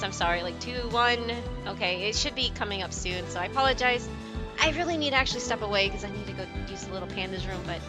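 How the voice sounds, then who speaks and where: A woman streaming a game, chatting with viewers in a giggly, rambling way and telling stories. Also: medium pitch. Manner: chatty, giggly, tells anecdotes. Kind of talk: casual chat with stream viewers. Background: game music.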